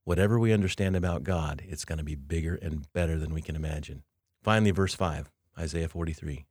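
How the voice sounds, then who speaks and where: A man's voice: a bass voice, brisk, darkish tone, breathy edge, dry recording, studio quality. A middle-aged man hosting a devotional podcast, teaching through a scripture passage in an earnest, reflective way with light self-deprecating asides. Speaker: podcast host.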